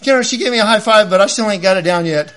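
A man, preaching a sermon in a folksy, animated storytelling way. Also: sits high, fast talker, slight background noise. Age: 50s. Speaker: lay preacher.

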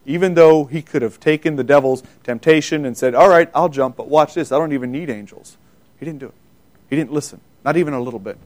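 A man delivers a sermon from the pulpit. His voice sits a little high for a man. He speaks with emphasis and lifts his voice when he quotes scripture. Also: a little mellow. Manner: pauses and self-corrects, loses place in notes. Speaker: preacher.

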